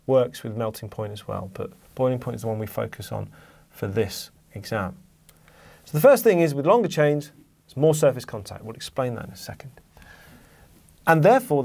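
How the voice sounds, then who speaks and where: A man's voice: mid-range voice, a little mellow. A man teaching an exam-focused chemistry lesson, patiently walking through diagrams and leaning hard on key words.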